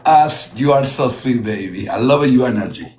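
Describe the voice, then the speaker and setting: A man's voice: medium pitch, expressive, normal speed, a little mellow, slight background noise. A man hosting a livestream battle, gushing with compliments in broken English and slipping into Spanish phrases. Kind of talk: casual livestream chat.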